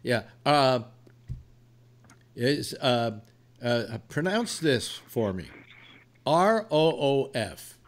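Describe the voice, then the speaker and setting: A man's voice: mid-range voice, lively intonation, drawn-out words, pauses often. A man hosting a live online panel show, talking casually, stumbling over words and laughing as he goes. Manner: rambling, stumbling, laughing joke-teller. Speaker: host.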